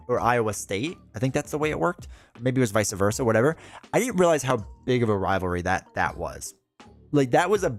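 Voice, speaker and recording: A man chatting casually with viewers on a livestream, rambling through stories and laughing often. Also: mid-range voice. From United States. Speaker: streamer.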